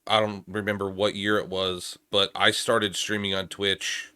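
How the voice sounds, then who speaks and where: A male podcast host with a bright, forward tone and a slightly low pitch. He talks easily and circles around his questions. The sound is dry and close-miked. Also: flat delivery, a little slow, clear, resonant tone, no room sound. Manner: easygoing, rambling questions with restarts. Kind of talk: casual podcast chat.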